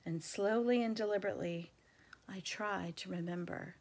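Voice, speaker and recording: A woman reading a children's novel aloud in a measured, gentle storytelling manner. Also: mid-range voice. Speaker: reader.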